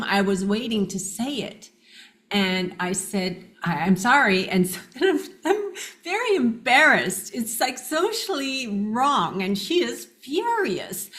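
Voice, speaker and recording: A middle-aged woman, a guest in an interview, telling personal stories in an animated way and acting out quoted dialogue. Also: mid-range voice.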